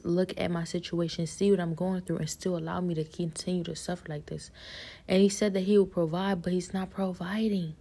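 A woman's voice: fairly low pitch, warm tone. A woman pouring out her frustration in a personal monologue, with features, full of rhetorical questions and pleading.

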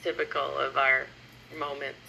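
Brief woman co-host, bright tense tone with some gravel, easygoing and quick to laugh. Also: a bass voice, little pitch movement, slight background noise, rough recording. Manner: chatty, laughs along, adds quick agreement. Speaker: podcast co-host. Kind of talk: casual chat.

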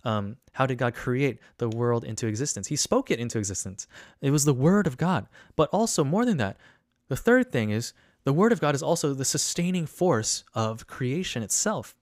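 A male pastor delivers a sermon in an earnest, repetitive way, lifting his voice on the questions he wants his listeners to answer. His pitch sits in the middle range. The sound is dry and close, with no room echo. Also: lively intonation, moderate pace. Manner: earnest, repetitive, rising emphasis on key questions. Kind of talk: online sermon.

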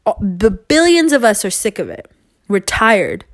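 A young woman rambles earnestly to her viewers, laughing often and swearing casually. Her voice sits at a middle pitch. The sound is dry and close, with no room echo. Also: big pitch swings, a little slow. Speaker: vlogger.

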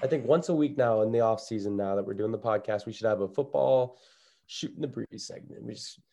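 A man co-hosting a casual sports podcast, joking and rambling, often dropping his voice low. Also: brisk, vocal fry, dull audio. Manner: jokey, rambling, drops to a hush. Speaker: podcast co-host.

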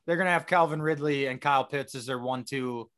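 A man's voice: medium pitch, fairly quick, a bit bright, clean tone. A man co-hosting a casual sports talk show, often restarting his sentences as he thinks aloud. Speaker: podcast co-host.

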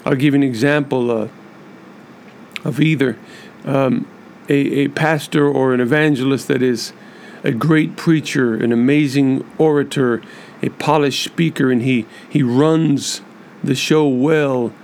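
Gravelly earnest male podcast host. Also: medium pitch, steady tone, darkish tone, a little hiss or hum. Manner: measured and emphatic, with repetitive lists. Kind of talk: earnest monologue addressed to church leaders.

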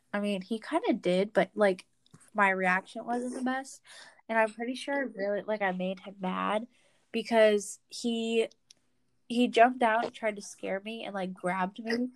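Chatty young woman telling stories. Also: mid-range voice. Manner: chatty storyteller, lots of fillers. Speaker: podcast co-host. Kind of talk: casual chat.

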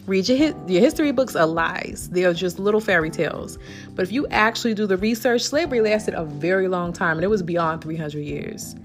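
Woman, vlogger, animated indignant storytelling, faint guitar music underneath. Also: on the low side, a little fast. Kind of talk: personal storytelling. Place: home.

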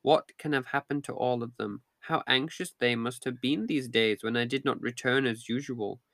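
A man's voice: mid-range voice, normal speed, fairly bright tone, dry recording, clean studio sound, close to an everyday voice. A man reading the lines of a dutiful young fisherman in a storybook, in formal, polite speech. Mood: earnest.

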